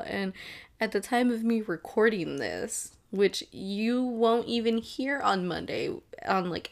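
This podcast host is a young woman with a mid-range, vocal-fry voice, chatting solo and casually from home. An air conditioner is in the room, and she rambles, swears freely, and laughs often.

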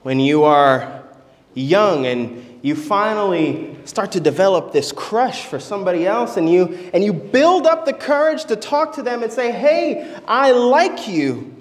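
A man's voice: high-pitched, animated, a little slow. A man preaching a sermon, telling a story and acting out its voices. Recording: echoey church hall.

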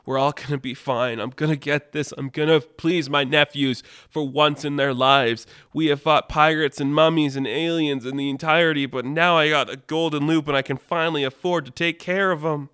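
A man's voice: a little high, steady tone, moderate pace, few pauses, fairly bright tone, clear, resonant tone, no room sound, clean studio sound, close to an everyday voice. A man voicing a wounded male toucan explorer who pleads and repeats himself, in a spoken story. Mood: pleading.

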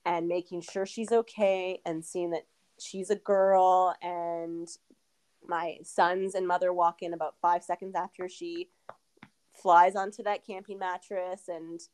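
Candid woman with a smooth, clear voice. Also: lowish voice, little pitch movement, measured pace, darkish tone. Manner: candid, rambling with many fillers. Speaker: podcast guest. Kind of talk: casual interview storytelling.

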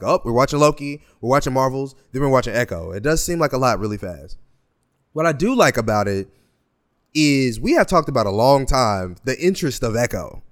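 A man's voice: medium pitch, fairly bright tone. Hesitant male podcast co-host. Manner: hesitant, restarts often, thinking aloud. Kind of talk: casual pop culture discussion.

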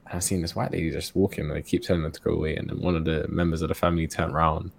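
A young man telling a story in a casual podcast chat from his bedroom, animated and breaking into laughter. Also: extremely low pitch, racing, vocal fry, a little hiss or hum. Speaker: podcast co-host. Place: home bedroom.

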